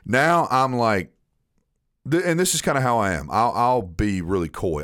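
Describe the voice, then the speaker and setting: Man, casual storyteller, low pitch, dry close sound, repeats words, quotes others. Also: expressive, moderate pace, fairly bright tone, no room sound. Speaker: storyteller on a chat show.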